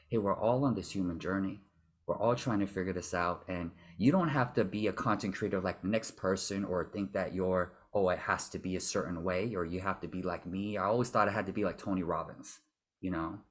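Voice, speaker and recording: A man leads a workshop as a vocal confidence coach. His voice is low and husky. He speaks in an animated way and acts out voices to show what he means. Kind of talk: workshop talk.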